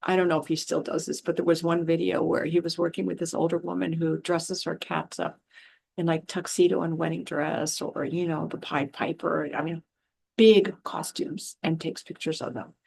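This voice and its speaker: A woman's voice: low-pitched, level tone, moderate pace, creaky, darkish tone, breathy edge. A woman who works as an animal communicator, talking frankly in a casual monologue and slipping into voices when she quotes people. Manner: chatty storyteller acting out quotes in changed voices; frank, exasperated asides. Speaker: animal communicator and spiritual healer.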